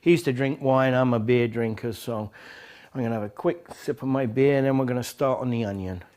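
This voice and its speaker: A man's voice: mid-range voice, fairly quick, a little mellow. A middle-aged man, cooking a curry at home and cracking dry jokes. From England. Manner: wry, joking, hesitant with fillers. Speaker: home cook, biker club president. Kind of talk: casual cooking demonstration.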